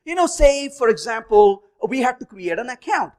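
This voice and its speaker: A man in his fifties speaks at a tech conference, weaving anecdotes into his talk. His pitch rises and falls in a very animated way, and he slips into the voices of the people in his stories. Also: moderate pace. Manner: animated, acts out dialogue in stories. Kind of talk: storytelling technical talk.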